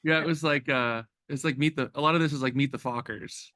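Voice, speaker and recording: A man in a casual book chat, tossing out opinionated takes. His voice is bright and forceful. The sound is dry and close, with no room echo. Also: mid-range voice, fairly even intonation. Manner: quick opinionated remarks, laughs often. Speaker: book discussion participant.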